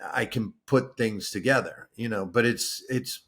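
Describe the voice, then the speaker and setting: A man co-hosting a podcast, talking in a loose, animated way and explaining at length with many restarts. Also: medium pitch, measured pace. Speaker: podcast co-host. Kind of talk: casual chat.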